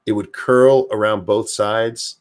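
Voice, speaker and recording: A man's voice: fairly low pitch, slow. An older man hosting a casual streamed talk show, swearing freely and joking about himself. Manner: profane, animated, self-deprecating. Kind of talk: casual chat.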